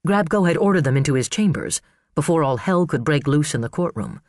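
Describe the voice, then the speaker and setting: A man narrating an audiobook thriller in an expressive, dramatic storytelling manner. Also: a little high, a little fast, dry recording, studio quality. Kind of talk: scripted narration.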